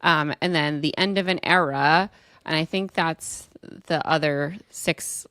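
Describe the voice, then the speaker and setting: A woman co-hosting a podcast in casual chat, excitable, swearing freely and laughing often. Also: low voice, a little slow, no room sound, clean studio sound. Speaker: podcast co-host.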